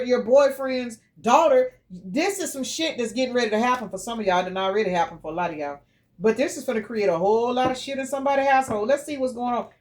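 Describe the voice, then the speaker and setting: Blunt, cursing woman reading tarot. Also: on the high side. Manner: blunt, profane, preachy. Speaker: tarot reader.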